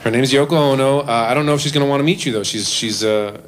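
Man playing a chill gallery curator, hedging, hesitant, somewhat quiet, faint hum. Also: mid-range voice, fast, lightly acted. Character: laid-back male art gallery curator.

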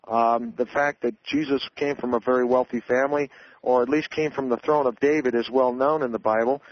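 A man's voice: mid-range voice, steady tone, a little fast, no room sound. An author speaks as a guest in a radio interview. He lays out his claims in an earnest, lecturing way, with many fillers and restarts. The sound is dry and a little dull, like old radio.

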